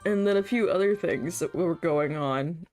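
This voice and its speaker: A woman's voice: fairly low pitch, moderate pace, darkish tone, soft background music. A young woman streamer chatting casually while playing a farming game, laughing often and swearing freely. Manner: chatty, laughs often, swears casually, quotes comedy bits in put-on voices.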